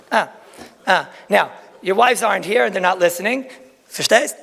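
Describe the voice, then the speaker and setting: A man with gives a Talmud lecture in an echoing hall. His voice sits high and gravelly, and he talks in an animated, folksy way full of rhetorical questions and asides. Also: fast. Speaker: rabbi giving a Talmud lecture. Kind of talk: lecture to a crowd.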